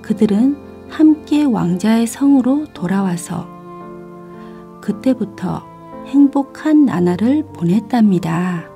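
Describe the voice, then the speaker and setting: A woman narrating a children's storybook at a brisk, rapid pace. Her voice is dark and mellow. Soft violin music plays quietly beneath her. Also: on the high side, lively intonation.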